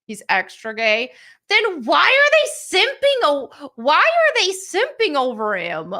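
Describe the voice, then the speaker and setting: Bright-voiced, blunt woman host. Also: high-pitched, wildly swooping pitch, measured pace. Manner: blunt, sarcastic, indignant. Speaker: livestream show host. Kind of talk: opinionated live commentary.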